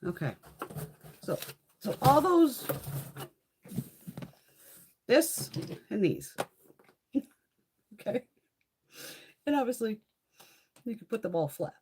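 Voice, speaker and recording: A woman's voice: a little high, takes it slowly, pauses often, a little hiss or hum. A middle-aged woman chatting casually and profanely on a beauty live stream, laughing often and telling stories with lots of swearing. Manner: profane, laughing, animated storytelling.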